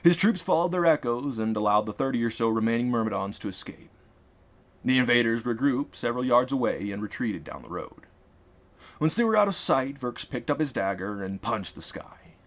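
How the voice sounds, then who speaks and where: A man reading a fantasy audiobook aloud in an expressive, dramatic manner. His pitch rises and falls a great deal, giving the narration strong shape. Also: a little fast. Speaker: author and narrator.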